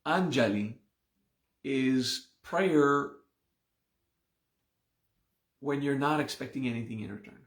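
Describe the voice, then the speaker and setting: A man explains ideas at an unhurried, deliberate pace, pausing to check that his listeners follow. His voice sits in a mid range and carries a noticeable roomy echo, as if recorded in an open space. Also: medium pitch. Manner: slow, patient explaining with frequent "okay?" checks. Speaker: meditation and mantra teacher. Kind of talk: live online class explanation.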